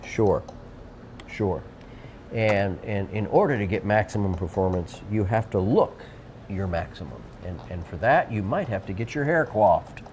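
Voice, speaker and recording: Man, TV host, casual joking banter, rambling restarts, lively swinging pitch. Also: a little slow, slight background noise. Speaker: TV show host.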